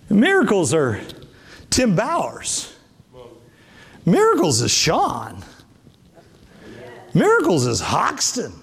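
A man with a high voice delivers a sermon, swinging widely between low murmurs and soaring peaks. He hammers phrases through repetition, and his words ring out with a long reverb of a large hall. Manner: emphatic, repetitive preaching with sudden pitch jumps. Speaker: bishop preaching.

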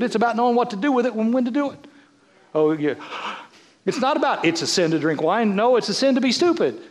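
A man in his fifties, a bishop preaching a sermon in a playful, animated way, swinging between loud bursts and hushed asides. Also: high-pitched. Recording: long reverb of a large hall.

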